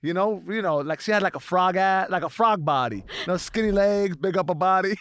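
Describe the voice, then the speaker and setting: A man, a comedian, telling stories on a podcast in an animated, profane, casual way. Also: high-pitched, fairly quick, smooth, no echo, clean studio sound. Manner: animated storytelling, swears freely.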